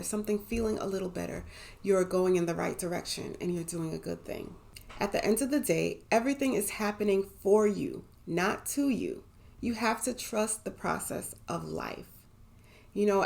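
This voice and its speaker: Woman host with a gravelly edge, upbeat and affirming, self-help talk to camera. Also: medium pitch, darkish tone. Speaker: manifestation coach and channel host.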